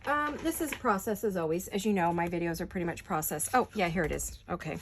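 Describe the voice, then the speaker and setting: A woman's voice: lowish voice, fast, a little hiss or hum. A middle-aged woman chatting casually while she does paper crafts. She talks to herself as she works and giggles often.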